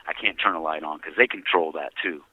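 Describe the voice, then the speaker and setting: A man giving an earnest, heavy personal testimony by phone from prison, often dropping to a hushed voice. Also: rumbling low, fairly quick. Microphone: prison payphone handset. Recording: dull dry phone-call audio.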